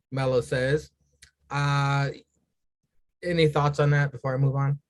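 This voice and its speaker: A man's voice: medium pitch, little pitch movement, unhurried, long pauses. A man hosting a casual wrestling podcast, running through matches with crude jokes and asking his co-hosts for their thoughts. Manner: crude, joking, leads the rundown. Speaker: podcast host.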